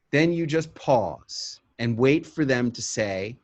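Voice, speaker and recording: Brisk salesy man coaching a pitch. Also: expressive, darkish tone, no room sound, lo-fi sound. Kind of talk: live webinar coaching and pitch demo.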